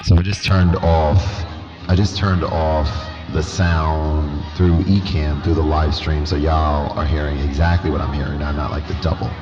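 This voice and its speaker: A man's voice: a bass voice, little pitch movement, normal speed, dull audio. A man casually talking through a music recording setup on a live stream, thinking aloud and correcting himself as he goes. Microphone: studio microphone.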